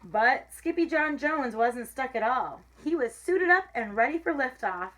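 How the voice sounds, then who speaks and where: A woman's voice: sits high, expressive, measured pace, fairly bright tone. A woman reading a children's picture book aloud in a slightly raised voice. She stops now and then to explain big words for young listeners. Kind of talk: storybook read-aloud.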